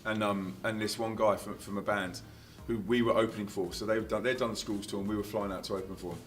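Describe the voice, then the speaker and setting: Animated man telling stories. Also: lowish voice, fast talker. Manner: animated, laughing, acts out quotes loudly. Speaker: touring Christian musician, interview guest. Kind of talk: casual anecdotal storytelling.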